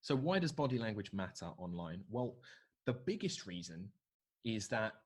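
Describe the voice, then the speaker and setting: A man's voice: lowish voice, big pitch swings, normal speed, slightly rough. A man teaching presentation skills to a live online workshop from a video call, reading out and answering what participants suggest. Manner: coaching, reads out participant answers.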